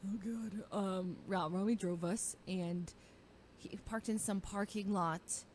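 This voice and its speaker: A young woman chatting on stream, spinning an anecdote with plenty of giggles. She slips into lively voices to quote the people in her story. A faint room ambience hums underneath. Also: medium pitch, slow pace, slight background noise. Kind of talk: casual storytelling chat.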